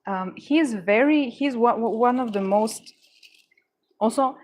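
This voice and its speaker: A woman's voice: a little high, slow, a little mellow. A woman hosting a livestream, chatting casually with viewers and stuttering, with frequent restarts and fillers. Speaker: livestream host. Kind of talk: casual chat answering viewers.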